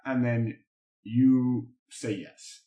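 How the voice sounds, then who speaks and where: A man playing his character in a tabletop game, haggling in a playful, deadpan way. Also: mid-range voice, drawn-out words, echoey room. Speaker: player.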